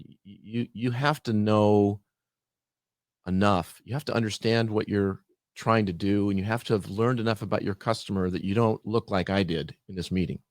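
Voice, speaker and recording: Lower-voiced man telling a story. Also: no room sound, studio quality. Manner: animated storyteller, acts out dialogue. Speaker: podcast guest. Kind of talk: storytelling in casual podcast chat.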